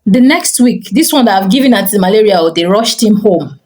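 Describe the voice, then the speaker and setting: A woman's voice: mid-range voice, brisk, low-quality recording. A middle-aged woman, a teacher and school owner telling a personal story to camera and often saying "you know". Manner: animated storyteller, frequent "you know" fillers. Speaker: teacher and school owner giving parenting advice.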